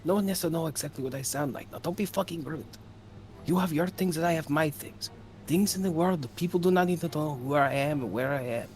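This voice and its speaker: A man's voice: fairly high pitch, brisk, a little mellow, soft background music, close to an everyday voice. A man voicing a secretive male adventurer who lectures others defensively. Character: secretive, touchy male adventurer hiding his voice.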